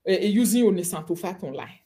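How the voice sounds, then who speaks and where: A woman's voice: on the low side, lively intonation, a little fast, warm tone. A woman with a Nigerian accent ranting on a live video, mocking and scolding her targets. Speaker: online commentator.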